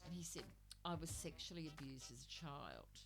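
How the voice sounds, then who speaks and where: A woman's voice: deep voice, very animated, moderate pace, over music. A middle-aged woman, a radio guest, telling a story animatedly with laughter and swearing. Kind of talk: casual storytelling chat.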